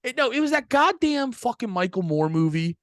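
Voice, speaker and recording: A man's voice: very high-pitched, big pitch swings, a little fast, fairly bright tone, no room sound, clean studio sound. A man co-hosting a podcast in a profane, rambling, sarcastic casual chat. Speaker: podcast co-host.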